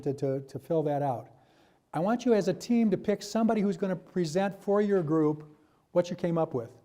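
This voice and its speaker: A man's voice: sits high, warm tone. A man presenting a workshop, giving loose, chatty instructions to a room with many restarts.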